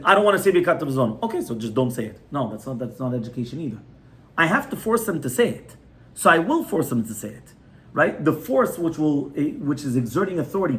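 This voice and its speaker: A man's voice: a little high, slight background noise. A man, a rabbi, giving a conversational Torah class in a home, often checking in with his listeners. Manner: conversational teaching, frequent "right?" checks with the audience. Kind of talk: Torah class on child education. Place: residence, small class gathering.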